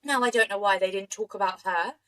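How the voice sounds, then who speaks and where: A woman co-hosting a podcast, telling a true crime story in an animated, indignant way. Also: mid-range voice, brisk, smooth, rough recording. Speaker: podcast co-host.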